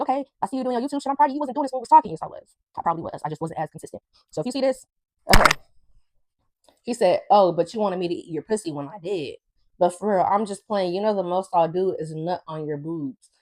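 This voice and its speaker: Young female vlogger, casual storytime, sassy and profane delivery, lowish pitch.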